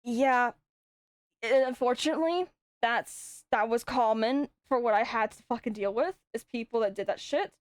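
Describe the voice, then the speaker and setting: Swearing often, a young woman on a stream meanders through stories in an easygoing chat. Her pitch is fairly high, her pace moderate, and there's no echo on the audio.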